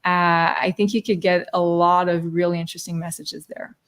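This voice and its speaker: A woman's voice: fairly low pitch, moderate pace. A woman hosting an astrology show, talking casually and loosely with frequent fillers. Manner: relaxed, searching, frequent fillers. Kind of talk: casual spiritual chat.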